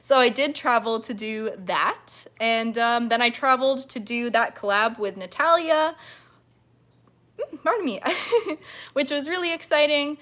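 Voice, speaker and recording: A young mermaid performer's fairly high, pushed, bright voice comes through a little slowly as she hosts a casual livestream. She reads comments, giggles, stays bubbly, and gushes thanks to her viewers.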